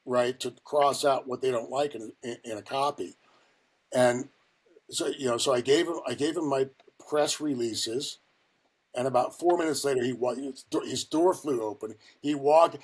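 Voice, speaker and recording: Older Ohio man, husky, casual profane storyteller, full of fillers. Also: mid-range voice, darkish tone. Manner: rambling, profane, many fillers. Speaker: guest.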